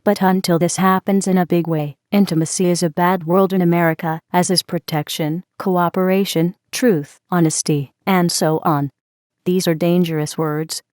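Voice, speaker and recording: A woman narrates a novel in an even, steady reading voice. Her pitch sits a little low. The sound is dry and close. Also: moderate pace, no echo.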